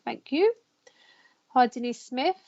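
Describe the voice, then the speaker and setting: Woman, chatty live-stream host, higher voice, gravelly, muffled stream audio. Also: expressive, slow. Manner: chatty, warm greetings, reads out viewer names. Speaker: psychic counsellor hosting a live show. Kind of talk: live-stream greeting of viewers.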